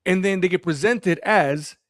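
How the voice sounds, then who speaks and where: A man's voice: high voice, unhurried, no room sound. Earnest man telling stories, dry close sound. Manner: earnest, animated storytelling. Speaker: podcast guest. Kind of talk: casual podcast conversation.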